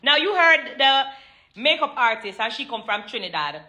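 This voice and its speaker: A Jamaican woman hosting a casual live stream on her phone, playful and loud, laughing often. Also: a little high, very animated, moderate pace.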